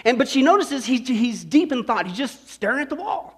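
A male pastor preaching a sermon, telling a joke and then driving into scripture with lively energy. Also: very high voice, a little fast, breathy edge. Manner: energetic, joking storyteller preaching.

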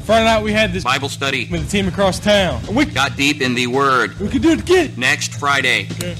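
A man voicing an earnest churchgoing young man in a dubbed video clip, loud music behind. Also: fairly high pitch, big pitch swings, brisk.

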